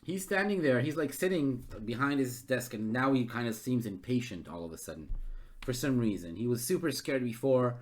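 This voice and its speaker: A man who runs a gamebook live as game master, thinking aloud and getting excited. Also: medium pitch, normal speed. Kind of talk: live-streamed gamebook narration.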